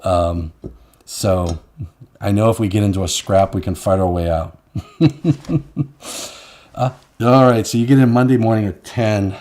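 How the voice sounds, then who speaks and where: A man's voice: lowish voice, measured pace, long pauses, darkish tone. A man hosting a live online show, chatting casually and rambling through stories with frequent laughs. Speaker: host. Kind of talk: casual live-stream chat.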